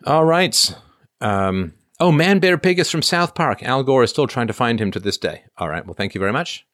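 A man's voice: medium pitch, expressive, moderate pace, fairly bright tone, dry recording, studio quality. A middle-aged man from Canada hosting a casual livestream, answering viewer questions with frequent ums and uhs. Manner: conversational, frequent ums and uhs, reads comments aloud. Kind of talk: casual livestream chat reading super chats.

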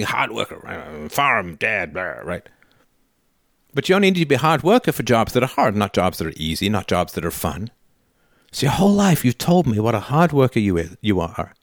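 A man with a mid-pitched voice argues hard on a call-in show, taking the part of a grown son facing his father. He talks in an emphatic, sarcastic way and swears freely. The studio sound is dry and close. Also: no echo. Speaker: host role-playing a son confronting his father. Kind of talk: call-in show role-play.

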